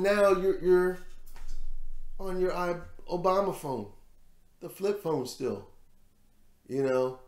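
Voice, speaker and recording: A man's voice: sits high, echoey room. A man giving casual, rambling commentary on a news story as host of his own show, repeating words as he goes. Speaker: vlog host.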